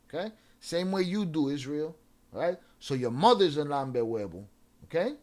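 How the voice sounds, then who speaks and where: A young adult man hosts a livestream, ranting profanely and confrontationally at his commenters while tossing in Spanish slang. His voice sits fairly high with lively intonation, a darkish tone, and a normal speed.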